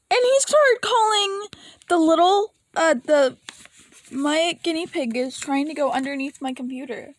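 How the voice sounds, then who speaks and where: A woman vlogger with a very high voice rambles through a casual, emotional rant, swearing occasionally, laughing, and sometimes close to tears. The recording is dry.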